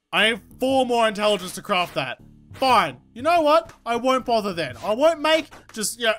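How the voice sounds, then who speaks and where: A woman giving excitable, swear-filled let's-play commentary, talking to herself and the game. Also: mid-range voice. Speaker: gaming YouTuber. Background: game music.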